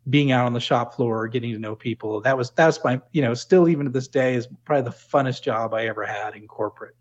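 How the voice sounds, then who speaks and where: Middle-aged man, thoughtful interview guest, halting and reflective, slightly dull sound. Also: mid-range voice. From New England. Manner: reflective, many restarts and "you know" fillers. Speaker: guest, former corporate plant manager. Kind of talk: conversational interview.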